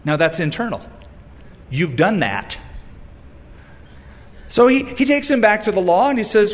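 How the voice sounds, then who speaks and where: A man preaching a sermon, animated and storytelling, who acts out the voices he quotes and breaks in with wry asides. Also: sits high, measured pace, pauses often, long reverb tail. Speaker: pastor.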